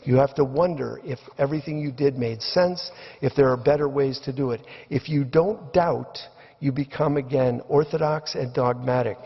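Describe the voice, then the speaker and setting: A man's voice: mid-range voice, moderate pace, slightly rough. An older man giving reflective opening remarks in a debate, storytelling as he goes. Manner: reflective, storytelling delivery with acted quotes. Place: lecture hall. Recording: dull lo-fi recording in a reverberant hall.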